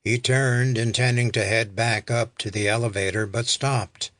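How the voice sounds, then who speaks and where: A man narrating an audiobook in a measured, deliberate way. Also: mid-range voice, steady tone, a bit bright, no echo. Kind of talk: scripted narration.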